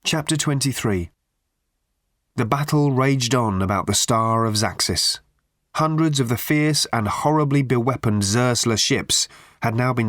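A man narrating an audiobook with dry, expressive storytelling. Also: mid-range voice, dry recording. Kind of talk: scripted narration.

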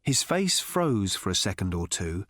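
A man reading an audiobook aloud as narrator, in a wry, measured storytelling manner, recorded in a studio. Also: deep voice, very animated, a bit bright, dry recording. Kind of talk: scripted narration.

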